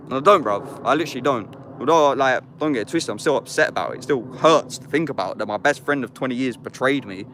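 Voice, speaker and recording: A casual woodland vlog features a man of about thirty, a YouTuber, whose medium-pitched voice is animated, quick and sharp with few pauses over slight background noise. He reads scripture and reflects on it in sweary street slang, calling the listener "bruv."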